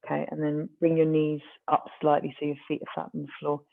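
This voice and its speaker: A stretching instructor leads a class in a gentle, encouraging way, with a gravelly edge to the voice. The recording sounds thin and tinny, like a phone line. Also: medium pitch, monotone, fairly quick. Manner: gentle, encouraging, with light self-mocking asides.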